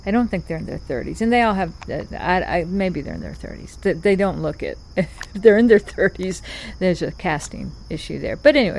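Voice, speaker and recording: A woman's voice: fairly low pitch, darkish tone, slight background noise. A woman, hosting a podcast as a rambling, chatty monologue full of restarts and asides. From North Carolina. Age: 50s. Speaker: podcast host. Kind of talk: casual monologue.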